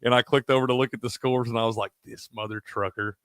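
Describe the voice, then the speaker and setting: Co-hosting a laid-back sports betting chat, this man speaks very fast at a medium pitch with a clean tone. He's profane, lively, and laughs a lot; the studio audio is clean, with no echo.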